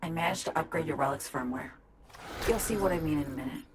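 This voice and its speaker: Game role: woman playing a secretive young hacker, very low and hushed, hurried, game audio with steady background noise. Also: lightly acted. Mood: urgent.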